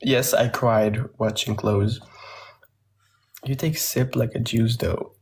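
A man's voice: medium pitch, steady tone, takes it slowly, vocal fry, a little mellow. A young man from Belgium with a Flemish accent, a native Flemish speaker, chatting casually on a phone livestream and answering viewer questions with rambling, cursing and laughter.

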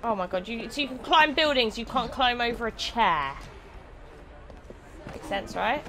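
A woman's voice: a little high, animated, sharp tone, a little hiss or hum. A woman streaming a video game live, commenting as she plays, swearing freely and bursting out in frustration. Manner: swears often, quick angry outbursts. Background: game music.

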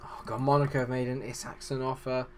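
A man's voice: mid-range voice, little pitch movement, fast, a little mellow, a little hiss or hum. A man hosting a gaming channel, giving rambling, self-deprecating let's-play commentary.

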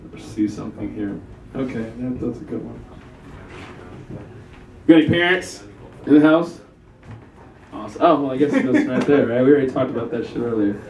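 A man's voice: medium pitch, darkish tone, dull audio, slight background noise. Self-deprecating man doing live stand-up. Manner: self-deprecating, laughing through his lines. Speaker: stand-up comedian. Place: small café venue, live audience. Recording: echoey room, distant mic.

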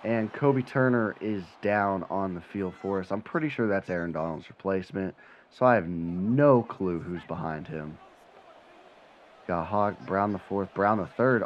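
Gameplay streamer, male, lowish voice, dips to mutters then bursts into loud excitement, dull lo-fi mic. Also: unhurried. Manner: swings from low mutter to excited yelling, swears when frustrated. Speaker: gaming channel host. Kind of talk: live gameplay commentary.

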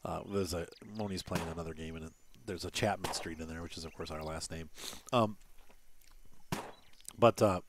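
A man's voice: low-pitched, fairly even intonation, normal speed, pauses often, background noise. A man hosting a gaming channel, giving casual gameplay commentary in a rambling way, with many fillers and little chuckles. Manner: chuckles between remarks.

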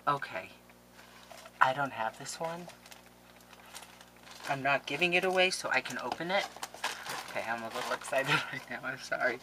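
A woman vlogger opening mail on camera in a casual, gushing, excitable way, with quick laughs and whispered asides. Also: a bass voice, a little hiss or hum, low-quality recording. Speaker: scrapbooking vlogger.

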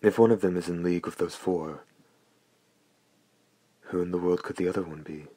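A man voicing a frightened, indignant young woman of eighteen in an audiobook, talking quickly and fretfully. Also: sits low, fairly even intonation, mellow, slightly rough, low-quality recording. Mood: uneasy.

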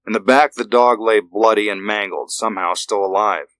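A man narrating a thriller audiobook in a measured, steady way. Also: lowish voice, no room sound.

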